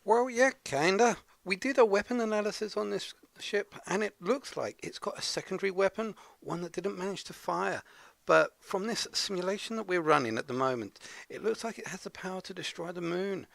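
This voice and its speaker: A man voicing a spaceship crewman in a put-on Scottish accent, in an excitable sci-fi skit. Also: sits high, fairly quick, creaky, no echo, voice pushed up. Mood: explaining.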